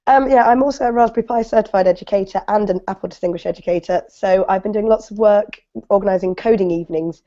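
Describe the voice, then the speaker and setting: A croaky woman, a teacher, chatting about her work on an online webinar. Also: fairly low pitch, warm tone. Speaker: teacher guest. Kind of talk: webinar introduction. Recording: lo-fi online call audio.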